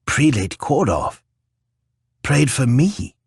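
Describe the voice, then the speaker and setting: A man's voice: mid-range voice, big pitch swings, takes it slowly, vocal fry, husky, no echo, clean studio sound, voice pushed up, exaggerated voice. A man reading an audiobook, voicing an earnest young male acolyte who asks questions in a slightly raised voice. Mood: puzzled. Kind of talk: audiobook character voice.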